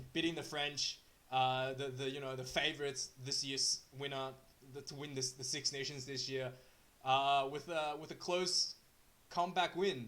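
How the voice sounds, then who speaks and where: A man with a mid-range, slightly bright voice talks through a rugby match review in a casual, unscripted way, often halting with fillers and restarts.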